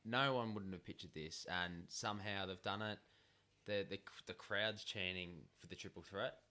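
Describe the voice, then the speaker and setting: A man's voice: sits low, moderate pace, sharp tone. An Australian man co-hosting a wrestling podcast, talking casually with many fillers and restarts. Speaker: podcast co-host. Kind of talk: casual chat.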